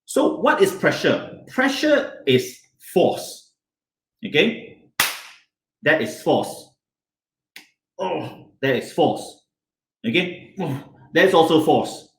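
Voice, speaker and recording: A man leads a hands-on science lesson for kids, his fairly high voice bouncing up and down as he keeps throwing questions at the children. He sounds roomy, with plenty of echo around him. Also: sing-song, drawn-out words, pauses often, fairly bright tone.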